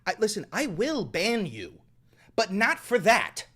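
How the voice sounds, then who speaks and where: A man's voice: high-pitched, huge pitch swings, measured pace, fairly bright tone. A man live streaming, scolding his chat in a profane, exasperated rant.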